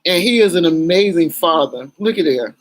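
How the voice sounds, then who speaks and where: A woman's voice: fairly low pitch, expressive, moderate pace, poor audio. A middle-aged woman talking candidly to her camera in a chatty, emotional vlog, swearing casually as she goes. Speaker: vlogger.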